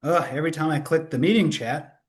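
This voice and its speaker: Man, webinar host, slightly higher voice, upbeat, loose, laughs off his own mistakes, computer mic. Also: fairly quick. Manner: upbeat, self-correcting, laughs at own slip-ups. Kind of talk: live sales webinar.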